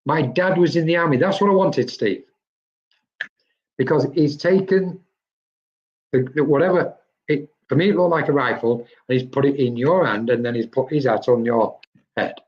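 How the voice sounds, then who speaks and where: A man's voice: mid-range voice, moderate pace. A man, a medium, giving chatty spirit readings on a live stream and addressing viewers by name. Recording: dull lo-fi stream audio.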